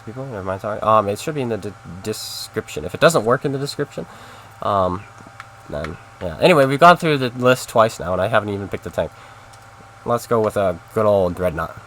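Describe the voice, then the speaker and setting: A man's voice: fairly low pitch, animated, fairly quick, a bit bright, slight background noise. A man casually talking to his stream chat while playing a game, in a rambling, chatty way. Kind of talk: casual live-stream commentary.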